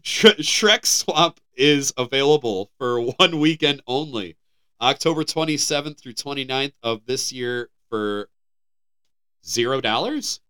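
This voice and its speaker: A man's voice: medium pitch, measured pace, sharp tone, smooth. An American man co-hosting a podcast, reading out headlines in a casual, joking way and sometimes stumbling over words. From United States. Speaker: podcast co-host.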